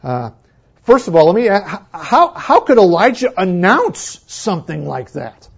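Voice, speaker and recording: Man, pastor, high voice, dull lo-fi sound, animated sermon with hushed asides. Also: moderate pace, vocal fry, slightly rough. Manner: animated, swings from loud exclamations to hushed near-whispers. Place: church.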